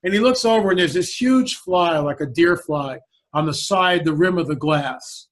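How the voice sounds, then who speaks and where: As a guest in a conversation, a high-voiced man tells a story at normal speed. He's animated and performs the quoted lines of the people involved.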